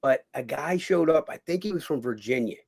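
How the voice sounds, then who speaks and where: A man's voice: on the high side, lively intonation, fairly quick, creaky, darkish tone, breathy edge. A man, a guest telling rambling stories in a casual interview, full of "you know" and acted-out voices. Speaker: guest, former boxer.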